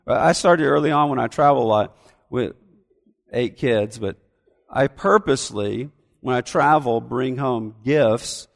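A man preaching a sermon as pastor, animated and acting out whiny complaints. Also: medium pitch, gravelly, big-room sound. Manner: animated, acts out whining voices.

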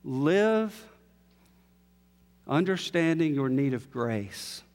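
High-voiced preacher in a reverberant hall. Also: male voice, measured pace, a bit bright. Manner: expository, rising to emphatic peaks, then dropping low. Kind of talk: sermon. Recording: long reverb of a large hall.

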